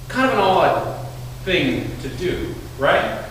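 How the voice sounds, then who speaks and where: A pastor delivers a sermon in a relaxed, animated, chatty style, frequently acting out quotes in other voices to drive points home. His high voice swings widely in pitch at a normal speed, heard from far off in an echoey hall with faint room noise.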